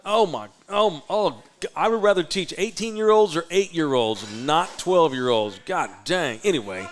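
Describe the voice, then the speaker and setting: A loud man hosting a live podcast, spinning a profane, animated story. His voice sits somewhat high for a man and he swings between laughing asides and hushed retellings. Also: normal speed. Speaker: podcast host.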